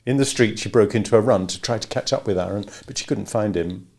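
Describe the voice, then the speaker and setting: A man's voice: on the low side, fast talker, gravelly, darkish tone. A man narrating a novel as an audiobook, reading expressively.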